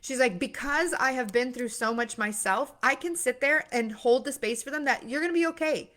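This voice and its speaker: In her casual motivational monologue, this young mindset coach is sincere but full of fillers and restarts, breaking into worried voices with sudden gasps. Her voice is high and fairly bright, at a moderate pace.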